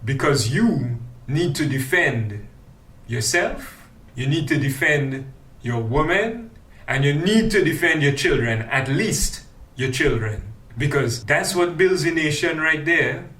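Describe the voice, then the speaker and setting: A Trinidadian man delivers a fiery speech at a public forum, pressing his point with one rhetorical question after another. His voice sits a little high for a man. The mic is some way off, so the sound rings around an echoey hall. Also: animated, slow pace, fairly bright tone. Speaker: forum speaker for a grassroots news team. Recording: echoey room, mic at a distance.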